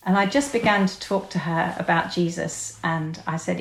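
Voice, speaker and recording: A woman podcast guest telling a personal story in an earnest, conversational way, often pausing on "um". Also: fairly low pitch, creaky. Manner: earnest, hesitant with frequent ums. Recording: roomy echo.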